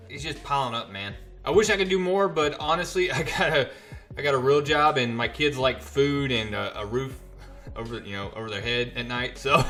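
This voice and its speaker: A man chatting casually as he recaps comic book issues, telling the story in an animated way. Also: on the high side.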